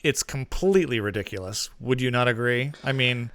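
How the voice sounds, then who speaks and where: With a crowd audible behind him, a podcast co-host spins out a lengthy story in casual conversation, stumbling through plenty of fillers and false starts. He speaks at a normal speed in a medium-pitched male voice.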